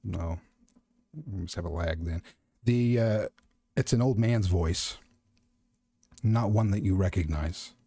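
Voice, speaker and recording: Guy gm, low-ish voice, talks slow, dry close mic. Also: gravelly, dark tone, husky, no room sound. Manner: slow, measured, with fillers. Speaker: game master. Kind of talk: game master narration. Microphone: mic on a voice call.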